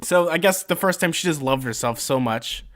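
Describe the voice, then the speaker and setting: A man's voice: fairly high pitch, expressive, normal speed, a bit bright. A young man co-hosting a podcast, retelling a story in a rambling, jokey casual chat. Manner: rambling, jokey, many fillers. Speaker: podcast co-host.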